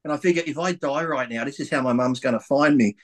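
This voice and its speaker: A middle-aged man telling crude stories in casual chat, animated and laughing as he acts out quoted voices. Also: medium pitch, quick pace. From Australia. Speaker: guest bodybuilder.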